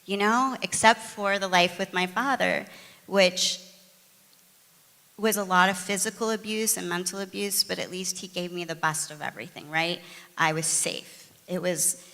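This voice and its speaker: A middle-aged woman from the United States, candidly telling her recovery story in a chatty, animated way, full of fillers and restarts. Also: on the low side, normal speed, long reverb tail. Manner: conversational, frequent fillers and restarts, animated retelling. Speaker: guest sharing her recovery testimony.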